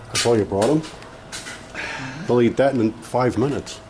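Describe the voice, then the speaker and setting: A man's voice: mid-range voice, a little slow, dark tone, slight background noise. A man working at a game shop, trading dry wisecracks in casual banter with the host. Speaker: shop worker. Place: indoor arcade game shop.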